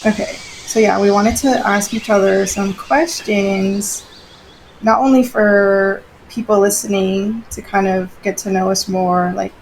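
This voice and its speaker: A woman co-hosting a podcast speaks with a gravelly, creaky edge to her voice. She talks casually and bluntly, sometimes with a swear word. Faint noise hums behind her. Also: medium pitch, fairly even intonation, a little slow, rough recording. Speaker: podcast co-host. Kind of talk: casual chat.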